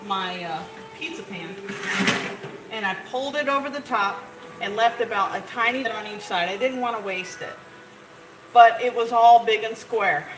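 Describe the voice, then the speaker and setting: A woman's voice: a little high, normal speed. A woman chatting casually to viewers as she cooks, rambling through her steps in a home kitchen. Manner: chatty, rambling, talks to viewers while cooking. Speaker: home cook showing a recipe. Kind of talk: casual cooking tutorial. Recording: echoey kitchen, off-mic, loud cooking noise.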